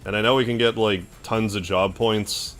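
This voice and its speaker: A man with a Canadian accent streaming a game, chatting casually and thanking viewers with excitable outbursts. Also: on the low side, normal speed, faint music behind. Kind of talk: casual gameplay commentary, thanking chat.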